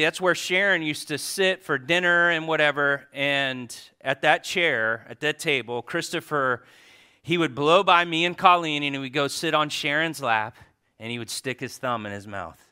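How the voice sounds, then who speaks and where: A man in his forties giving a heartfelt tribute at church, telling stories that swing between loud animated bursts and soft asides. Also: fairly high pitch, normal speed, smooth. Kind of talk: heartfelt tribute speech to a congregation.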